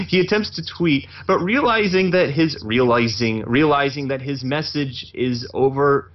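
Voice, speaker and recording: A man's voice: medium pitch, moderate pace, hardly any pauses. A man narrating a comedic parody story aloud, stumbling and correcting himself as he reads. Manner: reading aloud with slips and self-corrections. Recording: muffled lo-fi recording.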